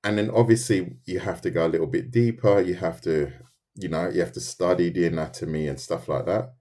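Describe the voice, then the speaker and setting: A man's voice: low-pitched, steady tone, a little fast, dark tone. A man with a London accent, chatting casually on a live stream as he draws, reading and answering viewer comments, thinking aloud with loose restarts. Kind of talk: casual live-stream chat while drawing.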